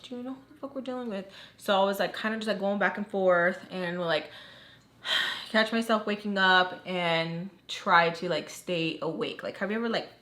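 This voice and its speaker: A woman's voice: lowish voice, a bit bright, a little hiss or hum. Chatty young woman telling a storytime. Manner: chatty, says "like" constantly, emotional retelling. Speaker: vlogger. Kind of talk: storytime vlog.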